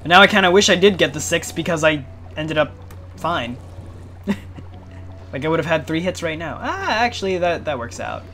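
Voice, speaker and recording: A man's voice: on the high side, normal speed, pauses often, a little hiss or hum. A man giving let's play commentary, talking to himself and his viewers in a running stream, with panicky outbursts and cursing. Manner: excitable, panicky outbursts and cursing while playing. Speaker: gaming channel host. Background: faint game music.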